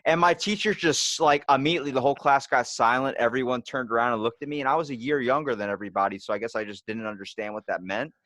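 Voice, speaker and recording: A man in casual chat, telling stories and acting out the lines of others with sudden loud jumps. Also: mid-range voice, fast, hardly any pauses, no echo. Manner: animated storyteller, acts out quotes loudly.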